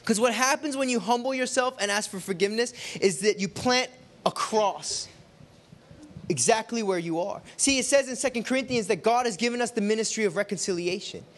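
A man preaching to a group, telling a personal story in a conversational, animated way and acting out the quotes. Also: sits high, a little fast. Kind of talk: sermon with storytelling.

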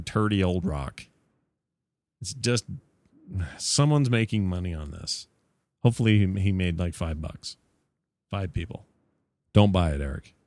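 A man's voice: lowish voice, no echo. A man co-hosting a casual tech podcast, chatting with wry, dismissive asides. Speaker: podcast co-host.

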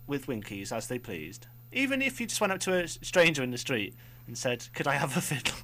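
Young male radio co-host, jokey and rambling, plain middle pitch. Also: wildly swooping pitch, brisk, a bit bright. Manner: jokey, rambling, self-mocking. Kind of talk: casual student radio banter. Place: radio studio.

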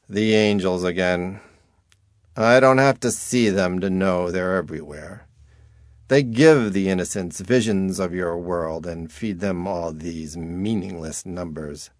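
A man's voice: sits low, unhurried, no echo. A man narrating an audiobook in a dry, wry first-person storytelling manner.

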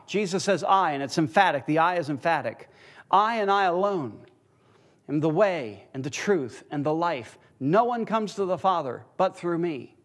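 A man teaching a Bible class in a church, teasing and quizzing the people in the room with a chuckle. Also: high-pitched.

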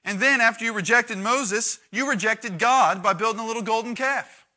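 Speaking in a very high voice at a moderate pace, this man preaches to young people with lively, conversational energy. As youth pastor, he dramatizes the quotes he reads, his volume rising and falling sharply.

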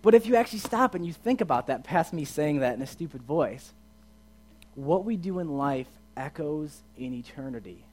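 A man giving a casual sermon as a youth pastor, chatty and asking his listeners questions, swinging from quiet to loud and emphatic. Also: on the high side, expressive, normal speed, slight background noise. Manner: chatty, asks the audience questions.

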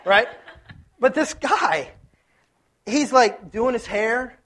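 A man from Ohio preaching a sermon, telling stories in a lively, joking, conversational way. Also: extremely high pitch, takes it slowly, pauses often. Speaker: pastor.

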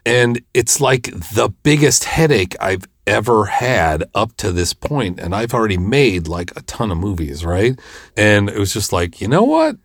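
A man's voice: fairly low pitch, a little slow, fairly bright tone, no echo, studio quality. A man hosting a podcast, telling a story in a rambling, exasperated way with lots of fillers. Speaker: podcast host and filmmaker. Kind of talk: casual storytelling monologue.

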